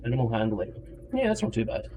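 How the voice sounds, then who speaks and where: A player speaking in character at a tabletop game, calm and measured. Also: medium pitch, muffled recording. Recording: distant mic with clear background noise.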